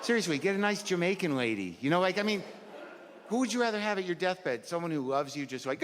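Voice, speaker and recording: A man's voice: sits high, very animated, fast talker, slight background noise. Neurotic, rambling male stand-up comic. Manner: rambling, neurotic, self-deprecating, profane. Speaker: stand-up comedian. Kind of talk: stand-up comedy set. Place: comedy stage before a live audience, seated. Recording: live hall recording with crowd laughter.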